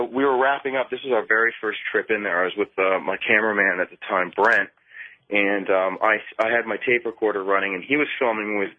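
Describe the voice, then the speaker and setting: A man telling his ghost-hunting experiences as an interview guest, speaking haltingly and repeating words as he starts sentences. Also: lowish voice, no echo. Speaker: paranormal investigator guest. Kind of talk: phone-in interview storytelling. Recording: dry tinny phone line.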